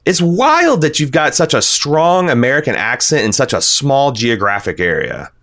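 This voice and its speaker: This podcast host is a man with a medium-pitched, fairly bright voice that swings widely in pitch at a normal speed. He reads listener comments and shares his opinions casually and bluntly, swearing freely.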